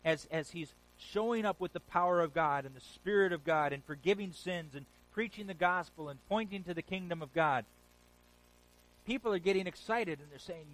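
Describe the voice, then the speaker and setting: A man's voice: high-pitched, normal speed, a bit bright, low-quality recording. A man preaching a sermon, telling stories with animation and repeating phrases for emphasis. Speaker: pastor.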